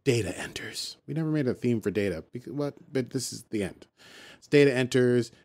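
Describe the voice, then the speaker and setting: A man's voice: mid-range voice, a little fast. Chatty man recapping an episode. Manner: animated, paraphrases characters in a loose chatty voice. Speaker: podcast host.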